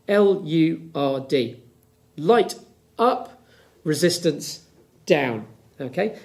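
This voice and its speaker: Chatty physics teacher, slightly high voice. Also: male voice, darkish tone. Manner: chatty, explaining step by step. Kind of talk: home lesson with demonstration.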